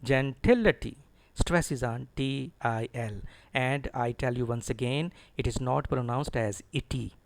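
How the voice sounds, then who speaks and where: A middle-aged man teaching an English pronunciation lesson, slowly drilling words with his students through repetition. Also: medium pitch, fairly even intonation, gravelly, no room sound.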